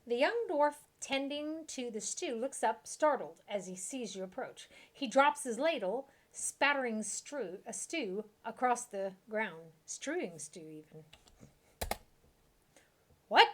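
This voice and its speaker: A woman's voice: on the high side, animated, a little slow, few pauses. A woman streaming a game, chatting casually, giggling, and reading the game's text aloud. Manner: giggly, chatty, trails off into asides.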